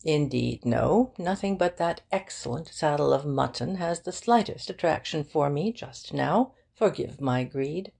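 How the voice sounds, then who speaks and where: A woman voicing a brisk, talkative male barrister who speaks in an effusive, emphatic way. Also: sits low, expressive, gravelly, a little mellow, husky, full character voice.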